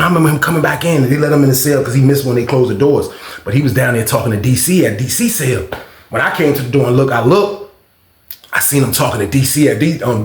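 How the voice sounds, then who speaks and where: Rambling male storyteller in a roomy room. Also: mid-range voice. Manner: rambling with frequent fillers. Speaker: storyteller host. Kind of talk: casual storytime.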